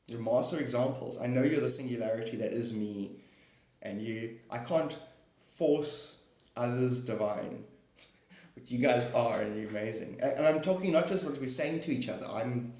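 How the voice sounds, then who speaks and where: A man's voice: mid-range voice, a little mellow. Man, live stream host, meandering spiritual chat, playful, chuckling, roomy echo. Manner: speaks straight to viewers by name.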